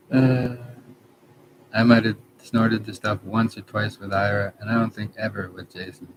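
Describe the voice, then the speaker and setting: A man in his thirties from Canada, talking in a halting, rambling personal monologue, trailing off and correcting himself. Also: on the low side, level tone. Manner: halting, trails off, many restarts and self-corrections. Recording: background noise.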